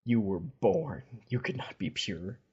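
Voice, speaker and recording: A man voicing a cold, unhinged angel goddess, speaking low and hushed, with a slightly husky voice. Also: big pitch swings, measured pace, dull audio, full character voice. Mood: cold, eerie.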